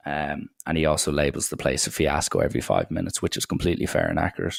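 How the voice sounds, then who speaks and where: A man's voice: a bass voice, fast talker, vocal fry, hardly any pauses, dry recording, studio quality. A young man hosting a solo podcast, rambling through irreverent banter with plenty of swearing. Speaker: podcast host.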